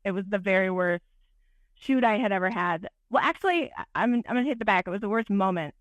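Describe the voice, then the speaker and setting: A woman's voice: mid-range voice, animated, quick pace, no echo. A woman photographer from Michigan, chatting in a casual podcast interview and telling a story with plenty of fillers. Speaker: guest photographer.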